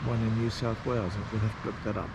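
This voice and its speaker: A man narrating a casual travel vlog outdoors at a campsite, unhurried and rambling with pauses and fillers. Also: on the low side, flat delivery, background noise. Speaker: travel vlogger.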